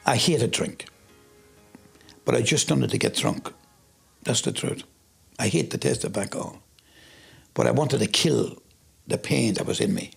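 Irish man, interviewee; very gravelly, husky voice, plain-spoken storyteller who circles back and repeats himself. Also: medium pitch, lively intonation, measured pace, long pauses, soft background music. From Ireland.

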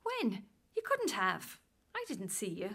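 An actress playing a flustered wife caught keeping a secret in a radio drama, defensive and pleading. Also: female voice, mid-range voice, wildly swooping pitch, takes it slowly, vocal fry, sharp tone, husky, heavily acted. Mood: puzzled.

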